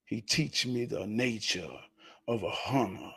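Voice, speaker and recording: A man hosting his show, telling a story with animated delivery that swings from low mutters to loud excited shouts. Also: a little slow, creaky, slightly rough.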